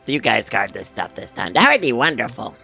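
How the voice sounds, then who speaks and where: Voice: medium pitch, very animated, brisk, creaky, sharp tone, soft background music. A player in a tabletop game, playful and swinging in tone. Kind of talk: casual tabletop play.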